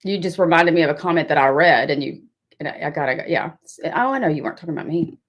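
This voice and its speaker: A woman's voice: deep voice, expressive, fast, dull audio. Chatty woman hosting a livestream. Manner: chatty, reads and answers chat, swears when annoyed. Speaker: livestream host. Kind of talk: casual livestream chat.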